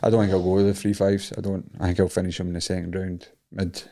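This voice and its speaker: A man's voice: low-pitched, level tone, fast talker, dark tone. A young Scottish man co-hosting a podcast, bantering, laughing often and swearing freely. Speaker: podcast co-host and fighter. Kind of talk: casual chat.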